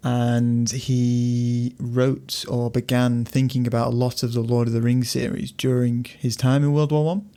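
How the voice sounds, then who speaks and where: A man's voice: mid-range voice, level tone, measured pace, few pauses, warm tone, clean tone. A young man with a Lancashire accent, co-hosting a casual chat and reading quotes aloud with relish. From Lancashire, England. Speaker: podcast co-host.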